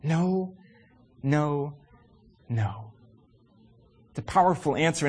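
Husky-voiced man preaching with animated emphasis. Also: on the high side. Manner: animated and emphatic, rhetorical questions, frequent "uh" fillers. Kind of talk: sermon.

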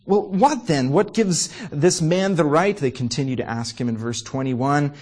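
A male preacher with a slightly high, husky voice delivers a sermon. He builds his points through rhetorical questions and emphatic repetition, often pausing on "uh" fillers. His delivery is animated and earnest.

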